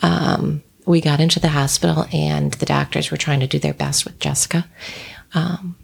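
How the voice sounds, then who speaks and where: Middle-aged woman, low gravelly voice, halting and soft, slipping into whispers; interview guest. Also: flat delivery. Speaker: guest, author and shaman. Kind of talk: recounting a personal tragedy in an interview.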